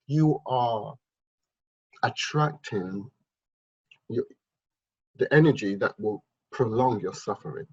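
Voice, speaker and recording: A man's voice: mid-range voice, husky, dull audio. A man delivering an emphatic, repetitive motivational monologue on a wealth-mindset vlog, lecturing the viewer.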